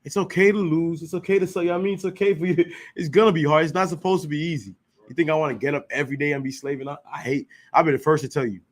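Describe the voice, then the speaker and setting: Rapid-fire and fairly even in intonation, a man with a higher-pitched voice leads an informal scripture class. He's emphatic and slangy, keeps firing rhetorical questions, and repeatedly asks "you know what I'm saying" to engage his listeners.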